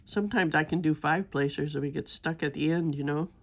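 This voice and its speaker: An older woman chatting casually over her diamond painting, her voice gravelly and rough with the fry of a sore throat. She rambles along in a homey, easygoing way, sick but talkative. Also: deep voice, a little fast. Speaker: crafting vlogger.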